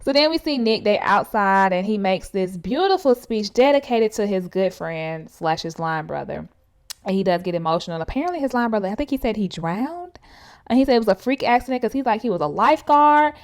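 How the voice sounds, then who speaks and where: A woman giving a casual recap of a reality show episode, talking straight to viewers in a chatty, animated way full of fillers. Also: medium pitch, fairly quick. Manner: speaks straight to viewers as "y'all".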